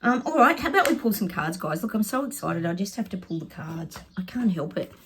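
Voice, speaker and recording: A woman talking casually to viewers as a psychic vlogger. She chats excitably while pulling oracle cards and often calls her audience "guys". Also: medium pitch, brisk, noisy background. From Australia. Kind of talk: casual oracle card reading to camera.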